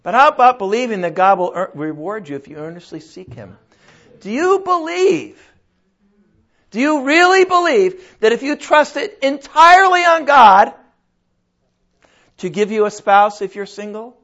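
High-voiced older preacher, folksy and chatty. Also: male voice, animated, a little slow, fairly bright tone. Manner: conversational, folksy, with rhetorical questions. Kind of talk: sermon. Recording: dull lo-fi recording.

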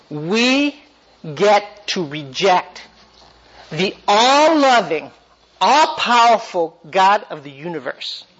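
A man's voice: high voice, fairly bright tone. Man teaching a Bible class, dull lo-fi sound. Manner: questions the class and animates points.

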